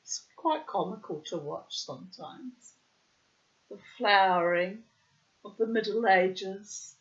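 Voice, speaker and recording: A woman's voice: mid-range voice, slow, fairly bright tone. A middle-aged woman telling a personal story in a wry, dramatic, digressive way, with florid wording. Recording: dull lo-fi recording.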